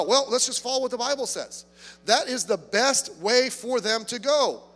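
Pastor, male, high-pitched, emphatic sermon delivery in a reverberant church hall with faint music. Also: a bit bright. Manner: emphatic, repeats words when starting phrases.

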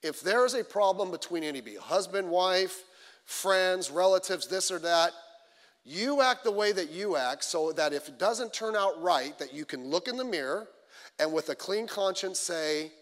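High-voiced man preaching in a hall. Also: moderate pace. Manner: conversational, animated storytelling with acted quotes. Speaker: pastor. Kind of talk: midweek sermon. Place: church sanctuary. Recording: long reverb of a church hall.

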